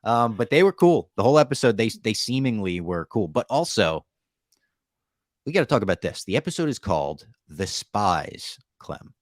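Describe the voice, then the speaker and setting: A man co-hosting a podcast, casually recapping a TV episode in an animated way with some laughter. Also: lowish voice, moderate pace, dry recording, clean studio sound. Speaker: podcast co-host. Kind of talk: casual show recap chat.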